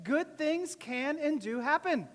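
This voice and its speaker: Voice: high-pitched, animated, slow, big-room sound. A preacher voicing God reassuring Noah in a raised, earnest tone during a sermon.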